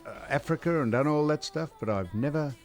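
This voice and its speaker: A man's voice: fairly high pitch, expressive, fairly quick, over loud music. An older man, a guest on a live radio show, talking bluntly in casual chat with frequent stammered restarts.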